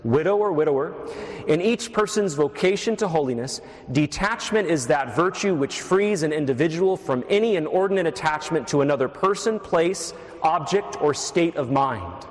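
Echoing through a church, a Catholic priest's sermon teaches steadily, salted with wry asides to the congregation. He speaks at a moderate pace in a slightly high voice with lively intonation.

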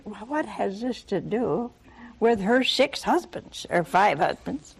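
An older woman preaching a sermon, telling a Bible story with lively rhetorical questions and acted-out dialogue. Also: medium pitch, takes it slowly, gravelly, slightly rough.

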